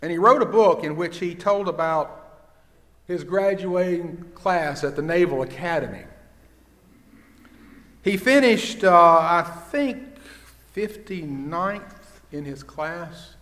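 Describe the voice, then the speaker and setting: An older man, a pastor preaching a sermon and telling stories, dropping his voice low for quoted dialogue. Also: takes it slowly, pauses often. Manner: storytelling, with hushed quoted dialogue. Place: church sanctuary. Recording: long church reverb.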